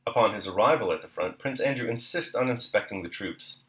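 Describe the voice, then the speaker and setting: A man reading a novel aloud and then reflecting on the chapter, in a measured, even delivery. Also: lowish voice, roomy sound, rough recording. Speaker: reader and commentator.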